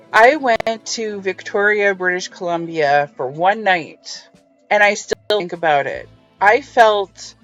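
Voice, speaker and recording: A woman's voice: mid-range voice, lo-fi sound. A woman hosting a casual book review, musing over passages with wry, chatty asides. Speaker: book reviewer and podcast host.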